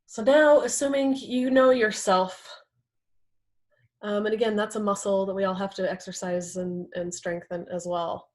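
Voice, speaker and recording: A young adult woman leads a class on communication, speaking in a relaxed, chatty way. She peppers her points with "right?" and "like". Her voice sits at an everyday middle pitch. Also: moderate pace. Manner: conversational, uses "right?" and "like" often. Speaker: workshop instructor. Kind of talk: teaching a class.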